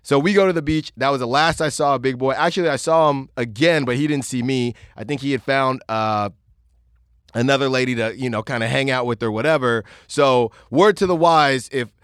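A man's voice: mid-range voice, no echo, studio quality. A young man hosting a podcast, telling a vacation story casually with lots of fillers and restarts. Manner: rambling, lots of filler words and restarts, animated retelling. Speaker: podcast host.

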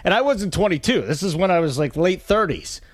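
Brief: man in his forties, talkative fantasy football analyst, slightly high voice, dry studio sound. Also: very animated, fairly quick, no echo. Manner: chatty, self-deprecating, rambling. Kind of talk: casual sports radio banter.

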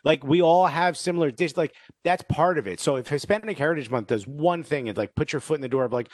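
A man's voice: medium pitch, quick pace, no room sound, studio quality. A man of Cuban heritage co-hosting a casual chat, telling stories with lots of "you know" and acted-out quotes. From Cuban-American background. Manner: animated storyteller, acts out quoted voices, many "you know"s. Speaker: podcast co-host.

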